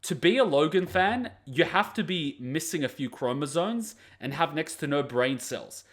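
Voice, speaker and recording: A man's voice: fairly high pitch, lively intonation, normal speed. A man hosting an anime reaction video, giving blunt, profane, mocking commentary on the fight.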